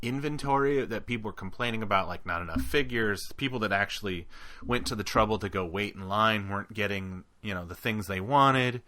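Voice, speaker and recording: A man co-hosting a casual podcast, chatting with a bright, forward tone over a fairly low voice. He talks in animated, eager bursts, tumbling from one thought into the next. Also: brisk. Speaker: podcast co-host. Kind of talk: casual chat.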